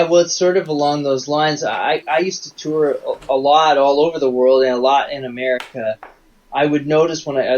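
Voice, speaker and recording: A man's voice: mid-range voice, darkish tone, highs cut off. A man from Canada, a singer-songwriter appearing as an interview guest, who tells rambling anecdotes full of restarts. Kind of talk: casual interview chat.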